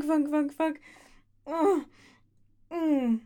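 Slow, gravelly British woman. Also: fairly high pitch, expressive, a little mellow. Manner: breathy, moaning, often dropping to a whisper. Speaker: audio performer. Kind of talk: intimate audio role-play.

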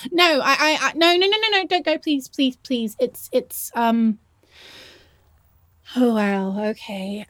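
A nervous, shy young woman, played by a woman in an audio role-play, confides in her partner, stammering and repeating herself. She talks slowly with long hesitations. The sound is close and dry. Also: medium pitch, no echo, close to an everyday voice.

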